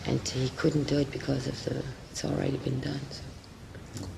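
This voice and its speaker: Woman, actress, gravelly voice, halting, faint tape hiss. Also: very deep voice, little pitch movement. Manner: halting, searching for words, many restarts. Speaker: actress and director, interview guest. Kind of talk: casual interview talk.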